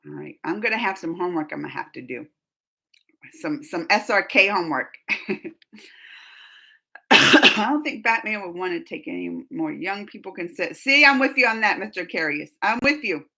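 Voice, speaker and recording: A woman's voice: fairly low pitch, animated, moderate pace, creaky, long pauses, pushed and bright. A woman hosting a casual live chat, rambling and laughing often as she answers her viewers. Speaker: livestream host reading chat.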